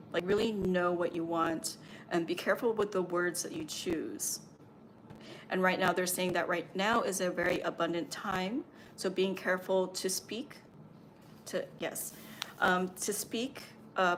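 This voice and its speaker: A woman's voice: on the low side, a little hiss or hum. A woman who works as a spiritual medium and Reiki healer, passing on channeled messages in a meandering, reassuring livestream talk full of fillers.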